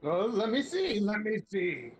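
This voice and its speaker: A man's voice: sits high, huge pitch swings, a little slow, voice pushed up, full character voice. A man voicing a haggling male dwarf gem merchant in a tabletop game, with a shrewd, hesitant, bargaining drawl. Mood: welcoming. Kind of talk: tabletop role-play voice. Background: faint background music.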